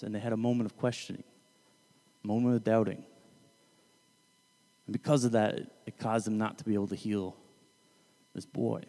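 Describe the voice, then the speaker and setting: Dude explaining a bible story all chatty, kinda reverby room. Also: male voice, fairly low pitch, brisk, pauses often, warm tone. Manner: conversational, self-correcting, paraphrasing scripture loosely. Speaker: Bible teacher. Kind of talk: casual Bible teaching.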